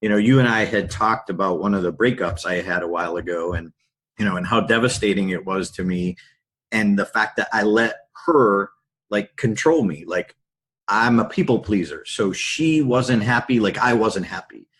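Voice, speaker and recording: A middle-aged man, a podcast guest and public speaker, telling candid stories in a lively anecdotal way. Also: lowish voice, normal speed, slightly rough. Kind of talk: storytelling in a podcast interview.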